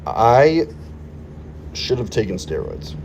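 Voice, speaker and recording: A man's voice: on the low side, huge pitch swings, slow pace, creaky, heavy background noise. A young man hosting a casual livestream, reading chat aloud and hyping himself up with playful bits. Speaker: livestream host. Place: current location he names while streaming.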